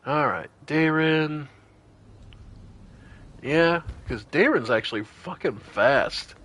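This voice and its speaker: A man's voice: on the high side, lively intonation, takes it slowly, fairly bright tone. A man streaming a role-playing game, thinking aloud with casual commentary and some swearing.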